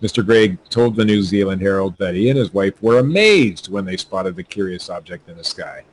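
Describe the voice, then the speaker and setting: A man with a fairly low voice reads news items on a casual podcast, tripping over words and filling gaps with "uh". A faint ambient hum sits under the recording. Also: animated. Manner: stumbling, halting reading with fillers. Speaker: podcast co-host reading news. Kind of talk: casual chat, reading news aloud.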